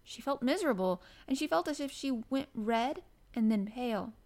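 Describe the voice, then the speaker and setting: A woman with a fairly high voice reads a classic children's story aloud. Her narration is gentle and even, paced for listening. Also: moderate pace.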